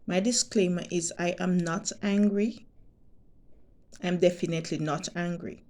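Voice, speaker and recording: A Jamaican woman talks straight to her viewers at an unhurried pace. Her voice is mellow and soft-edged, and she makes her points with deliberate emphasis, going back over them to drive them home. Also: on the low side, fairly even intonation. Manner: deliberate, emphatic, repeats herself. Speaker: vlogger. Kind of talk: direct-to-camera monologue.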